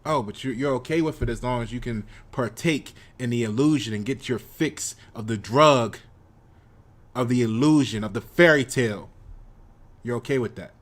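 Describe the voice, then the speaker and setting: A man's voice: medium pitch, normal speed. An American man delivering a confrontational lecture on his channel, repeating himself as he drives his points home. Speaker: channel host. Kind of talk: monologue commentary.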